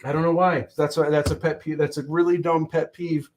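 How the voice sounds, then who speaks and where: A man's voice: on the high side, little pitch movement, fairly quick, a little mellow, a little hiss or hum. A man hosting a livestream, chatting casually in a rambling, self-mocking way. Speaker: host.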